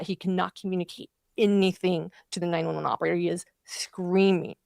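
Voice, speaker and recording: A woman's voice: lowish voice, fairly even intonation, a little fast, creaky, dry recording, clean studio sound. A woman commentating on a trial, recounting events in vivid, emotional detail. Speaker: true crime commentator.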